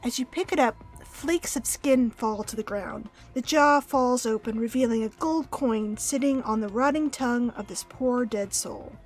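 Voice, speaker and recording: A woman's voice: on the high side, moderate pace, hardly any pauses, faint music behind. A woman streaming a game playthrough, reading the on-screen text aloud with playful, laughing asides.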